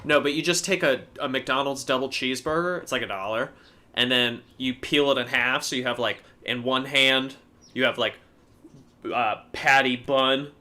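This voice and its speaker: A man co-hosting a casual livestream, telling a story in an animated way and swearing freely. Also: mid-range voice, normal speed. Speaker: co-host.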